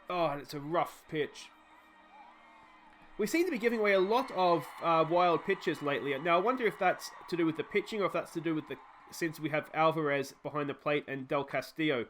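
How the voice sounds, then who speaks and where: Excitable Australian man calling a game. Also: fairly high pitch, slight background noise. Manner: lively sports-style calling, rising on big plays, chatty asides. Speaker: let's play host.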